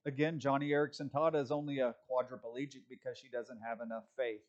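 A man's voice: mid-range voice, flat delivery, fast talker, dull audio. A man preaching a sermon, emphatic and sarcastic in his asides. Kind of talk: sermon teaching.

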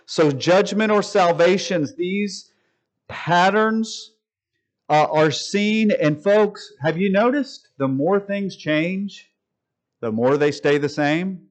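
A man preaching a sermon to a live congregation, calling them folks and stressing key words with long pauses. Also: high voice. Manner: addresses listeners as folks.

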